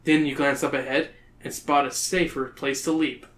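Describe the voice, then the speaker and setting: A man's voice: medium pitch, little pitch movement, normal speed, a bit bright. A man hosting a podcast, reading a children's book aloud in a playful, joking way. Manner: playful, breaking into laughter. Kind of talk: comedic read-aloud of a kids' book. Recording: roomy echo.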